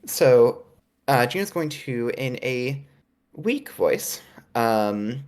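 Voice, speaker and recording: A woman's voice: very deep voice, lively intonation, extremely slow, darkish tone. A woman playing a tabletop game, talking hesitantly with many fillers. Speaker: player. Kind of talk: casual tabletop play.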